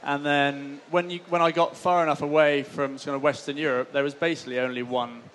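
A man on a live panel giving a relaxed, rambling answer. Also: fairly high pitch, fairly quick, slight background noise. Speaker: touring cyclist on a panel.

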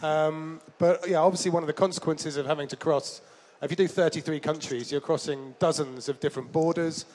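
A traveller and author talks about his overland trips in a casual storytelling interview, his voice fairly high, steady, a little mellow and fairly quick. His self-deprecating tales ramble, with lots of fillers and restarts.

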